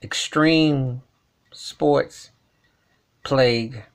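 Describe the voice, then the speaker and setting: Gravelly man ranting in commentary. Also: mid-range voice, drawn-out words. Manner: emphatic, repetitive, colloquial. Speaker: vlogger.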